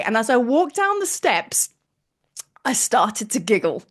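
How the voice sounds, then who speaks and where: A woman, a spiritual teacher telling a personal story to camera in an excitable, effusive way. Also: on the high side, normal speed. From England, near Glastonbury.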